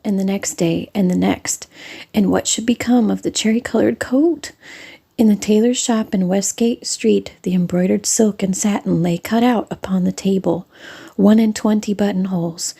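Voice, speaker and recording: A woman narrates a classic storybook in a soft, half-whispered voice. Her tone is mellow and relaxed. There is a breathy softness to every line. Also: medium pitch. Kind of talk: storybook reading.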